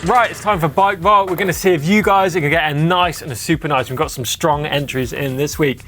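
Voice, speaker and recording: A man's voice: fairly high pitch, fairly quick, a little hiss or hum. Easygoing male co-host. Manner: relaxed, easygoing banter. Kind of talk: casual studio chat.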